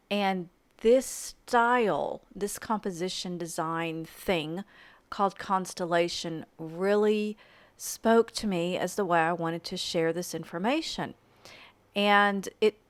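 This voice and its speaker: Chatty woman, smooth dry voice-over. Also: lowish voice, dry recording. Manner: chatty, enthusiastic, fast-talking with self-deprecating asides. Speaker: art journaling teacher. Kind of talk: casual voice-over narration. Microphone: home voice-over mic.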